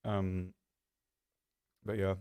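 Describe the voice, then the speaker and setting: A man's voice: low-pitched, flat delivery, very slow, mellow, clear, resonant tone. A man hosting a live stream, chatting casually in a rambling, self-deprecating way with lots of ums. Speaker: stream host.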